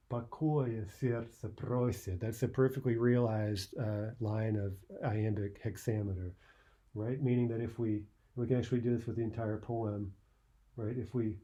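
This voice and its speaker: A man's voice: fairly low pitch, dark tone. A man teaching a poetry lesson, thinking aloud with many "uh"s and "right?"s as he explains a poem line by line.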